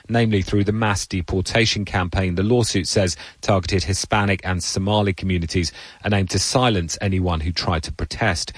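Deep-voiced male news correspondent. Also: breathy edge, no room sound. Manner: measured, even reporting. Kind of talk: scripted news report.

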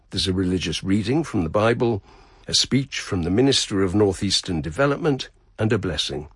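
A man narrating a radio feature in a measured, descriptive way. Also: low voice, breathy edge, no room sound, studio quality. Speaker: radio reporter.

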